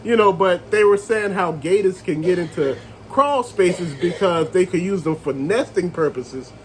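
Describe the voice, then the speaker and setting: A man reviewing a movie in a casual rant, retelling scenes with animated storytelling and calling his viewers family. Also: high-pitched, unhurried, slight background noise, rough recording.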